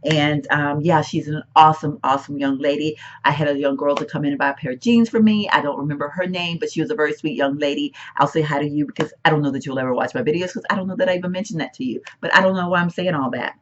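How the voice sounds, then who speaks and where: A woman beauty vlogger chatting casually about her makeup at home, rambling and self-interrupting, her voice hoarse and cracking. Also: low-pitched, fast, hardly any pauses, dull audio. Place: room at home, once a bedroom.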